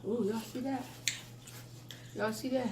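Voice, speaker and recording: A woman's voice: fairly high pitch, steady tone, unhurried, dark tone, slight background noise. A woman in her sixties chatting and teasing her viewers during a casual eating show, filmed on a phone at home. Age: 60s. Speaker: mukbang vlogger. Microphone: phone camera. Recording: echoey room.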